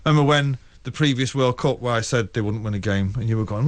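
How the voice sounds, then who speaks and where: A man's voice: mid-range voice, fairly even intonation, quick pace. A man in his forties, a guest in a radio studio, telling rambling stories in casual chat with frequent restarts and laughs.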